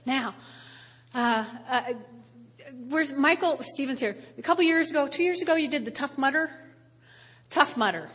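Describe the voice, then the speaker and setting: A woman in her fifties, a pastor preaching a sermon with animated, playful storytelling. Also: high-pitched, moderate pace, pauses often. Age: 50s. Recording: reverberant hall.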